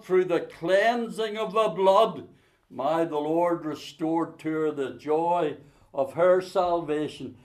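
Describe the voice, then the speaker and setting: Impassioned male preacher, loud and hushed. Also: a little high. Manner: swings between loud emphatic scripture quoting and soft hushed storytelling. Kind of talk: sermon.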